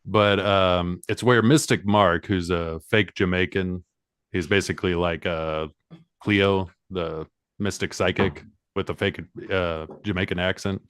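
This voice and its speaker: A man's voice: low voice, fairly even intonation, measured pace, a bit bright, clear, resonant tone, dry recording, studio quality. A man, a comedy writer, telling stories animatedly in a podcast chat and laughing a lot.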